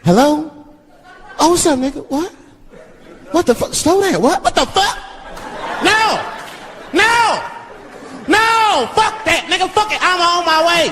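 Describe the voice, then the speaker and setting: Comic playing a panicked limo driver, shrill and shouting, laughing crowd around. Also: male voice, lively intonation, normal speed, long reverb tail, background noise. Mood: frantic. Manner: yelling, panicked, heavy slang. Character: frantic young male limo driver, loud street talker. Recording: live stage mic, laughing crowd.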